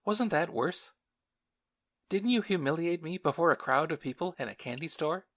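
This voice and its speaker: A man's voice: fairly high pitch, animated, moderate pace, fairly bright tone, pitched above the performer's own voice. Man putting on a stern spinster schoolmistress. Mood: scolding. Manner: indignant, scolding.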